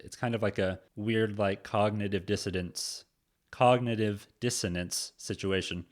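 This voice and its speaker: A man from the United States giving casual, animated reaction commentary, laughing often. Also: on the low side, unhurried. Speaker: reaction channel host.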